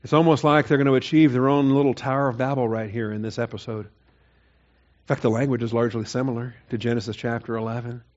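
A man's voice: mid-range voice, steady tone, brisk, a little mellow, muffled recording. Man preaching a conversational sermon. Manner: conversational, rising to emphatic mock-quoting. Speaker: pastor. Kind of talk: expository sermon.

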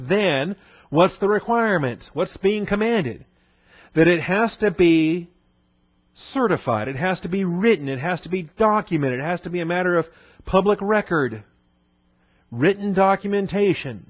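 With the highs cut off and no room sound, the recording holds a male pastor's medium-pitched voice. He preaches an expository sermon emphatically, repeating key points and asking rhetorical questions.

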